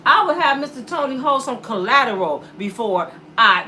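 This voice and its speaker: A woman YouTuber giving blunt, animated commentary to her viewers and acting out the voices of people she quotes. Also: a little high, moderate pace, few pauses, far from the mic, slight background noise. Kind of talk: casual commentary to camera.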